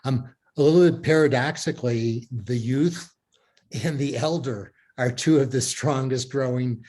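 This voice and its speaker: Male co-host, average pitch, quick to chime in on a call. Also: mellow. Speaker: co-presenter.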